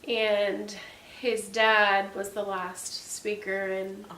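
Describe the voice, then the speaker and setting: A woman's voice: mid-range voice, little pitch movement, drawn-out words. A woman in her forties co-hosting a casual faith-based chat, telling stories in a chatty way with many ums. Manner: chatty, warm-hearted storytelling with many ums. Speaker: podcast co-host. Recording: echoey room, distant mic, faint hiss.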